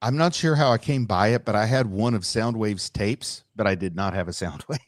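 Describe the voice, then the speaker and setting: A man's voice: lowish voice, fairly quick, dry recording, studio quality. A middle-aged man co-hosting a casual movie podcast, wry and joking. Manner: wry, joking, does silly voices. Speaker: podcast co-host.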